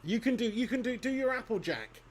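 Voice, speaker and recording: A man's voice: very high-pitched, lively intonation, brisk, a little hiss or hum. Chatty Englishman hosting a live stream. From England. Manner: chatty, jokey, reads viewer comments aloud. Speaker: football watch-along host. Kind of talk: live-stream chat and shout-outs.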